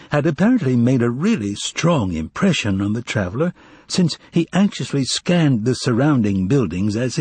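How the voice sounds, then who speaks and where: A man narrating a novel as an audiobook in an expressive, varied delivery. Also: medium pitch, breathy edge, dry recording. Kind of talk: scripted narration.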